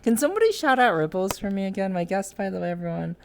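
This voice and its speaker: A woman's voice: medium pitch, big pitch swings, fast, creaky, noisy background. A young woman hosting a streamed interview in casual chat, rambling with many restarts and reading chat messages aloud.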